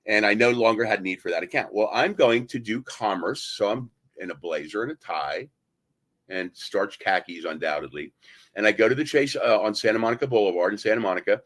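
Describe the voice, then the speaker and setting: A man's voice: lowish voice, a little fast, a bit bright. A man hosting a talk radio show, telling rambling anecdotes in a casual chat and mimicking other people as he goes. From United States. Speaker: host.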